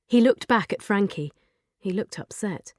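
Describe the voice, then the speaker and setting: A woman's voice: medium pitch, animated, a little slow, a little mellow, dry recording. A woman reads a children's story aloud, full of expression, with a voice that rises and falls a lot. The recording is close and dry, with no room sound. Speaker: audiobook narrator.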